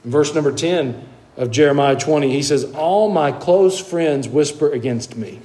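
A man preaching a sermon, moving between hushed asides and emphatic, high-pitched exclamations. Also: normal speed.

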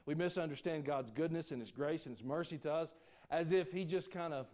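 A man preaching a sermon, folksy and joking with the congregation, swinging between loud preaching and quiet asides. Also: fairly high pitch, a little fast. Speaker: pastor.

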